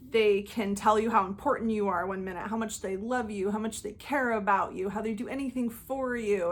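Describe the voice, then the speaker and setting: A woman speaks straight to her viewers in a loose, conversational way. Her voice sits at a middle pitch. She now and then slips into quoted voices before going back to her own easy tone. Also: fairly bright tone. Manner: conversational, acts out quoted outbursts with laughs. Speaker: channel host. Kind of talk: casual talking-head commentary.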